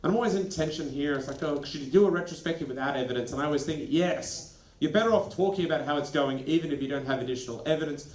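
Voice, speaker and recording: A man presenting a lively workshop to school leaders, animated and acting out quick snippets of dialogue. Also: mid-range voice. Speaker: education consultant presenting a workshop. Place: training venue. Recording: echoey room.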